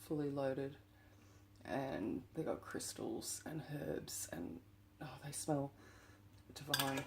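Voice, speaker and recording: A woman's voice: low voice, a little hiss or hum. An Australian woman chatting casually on her vlog while tidying her room, often exclaiming over things she finds and sometimes dropping into a whisper. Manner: excitable, exclaiming over found items, drifting into whispers. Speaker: witch shop owner vlogger.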